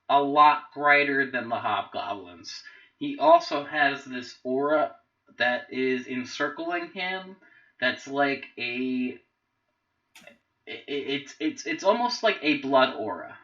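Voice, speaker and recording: A game master narrating a tabletop game with lots of halting restarts and fillers, on a dull lo-fi recording. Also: mid-range voice, pushed and bright.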